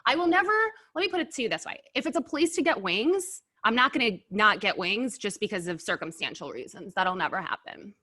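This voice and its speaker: Bright-voiced woman hosting a food chat. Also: mid-range voice, fairly quick, few pauses. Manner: eats while talking, animated and blunt. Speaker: host. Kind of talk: casual food review chat.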